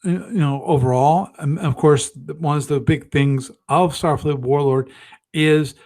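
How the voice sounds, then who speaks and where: A man with a slightly higher voice hosts a live stream, rambling through his thoughts as he goes. He keeps restarting his sentences and pokes fun at himself in a loose, offhand way. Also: steady tone, unhurried, darkish tone. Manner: rambling, self-deprecating, thinks aloud with many restarts. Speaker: host of a gaming livestream. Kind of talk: casual live-stream commentary.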